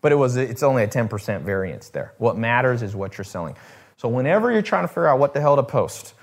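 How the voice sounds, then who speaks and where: A man's voice: medium pitch, very animated, fast. A man hosting a casual talk to his viewers, rambling with restarts and swearing, acting out the people he quotes. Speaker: host.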